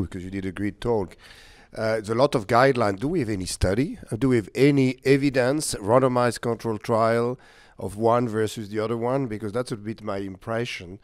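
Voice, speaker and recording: A man's voice: lowish voice, no room sound. A man chairing a conference discussion, blunt and skeptical, in slightly non-native phrasing. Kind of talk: panel discussion questioning.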